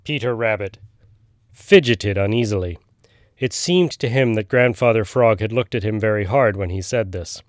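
A man narrating a classic animal storybook in a measured, gentle way. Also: fairly low pitch, no echo, studio quality.

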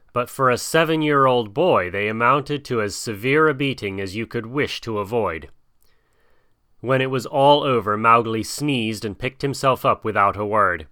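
Slow, measured man reading a story. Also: medium pitch, bright, forceful tone, no room sound, clean studio sound. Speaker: narrator.

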